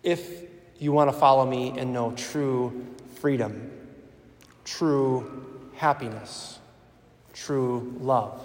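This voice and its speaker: A man delivering a sermon in a church, speaking with earnest, conversational conviction and repeating himself for emphasis. His fairly high voice rings out into a large, echoey space with a long reverb tail. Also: a little mellow. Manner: earnest, repetitive, conversational preaching.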